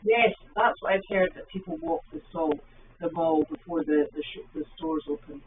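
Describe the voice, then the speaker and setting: A woman's voice: lowish voice, very animated, normal speed, a little hiss or hum. Scottish woman chatting on a tinny livestream. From Scotland. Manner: rambling anecdotes, answering chat comments. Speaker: livestream host. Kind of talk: casual chat with live viewers. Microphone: phone livestream. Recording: phone-like sound from a distance.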